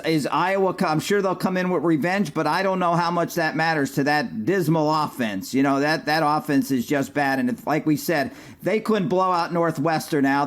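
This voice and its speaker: A middle-aged man co-hosts a betting show, speaking in a loose, agreeable, conversational way. His voice sits a little high for a man. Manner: conversational, agreeable, many fillers and restarts. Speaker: sports betting analyst. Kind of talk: sports betting podcast chat.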